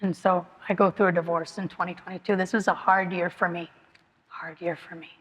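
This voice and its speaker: A woman's voice: fairly low pitch, level tone, fast talker, a bit bright. A middle-aged woman giving a personal testimony at a recovery meeting, telling her story in an earnest, repetitive, emotionally open way. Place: meeting hall. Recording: long hall reverb.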